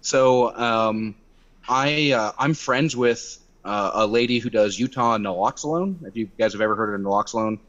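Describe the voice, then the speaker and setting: A young man telling a story in casual chat on a video call, animated and swearing, acting out quotes in a louder voice. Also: lowish voice, measured pace. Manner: animated, swearing, acts out quotes by raising his voice. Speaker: activist guest. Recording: dull lo-fi video call audio.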